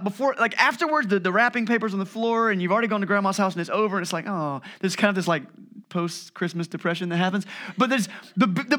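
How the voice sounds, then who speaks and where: Animated male pastor preaching a sermon. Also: high-pitched. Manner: animated storytelling, acting out family voices; drops to a hushed voice on heavy points.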